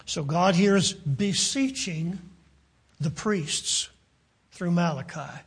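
Male preacher, higher voice, unhurried and earnest, sinking to near-whispers for emphasis. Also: gravelly, husky. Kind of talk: sermon.

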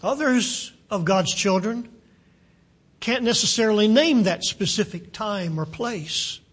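Slow, breathy-voiced male preacher. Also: high voice. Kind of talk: sermon.

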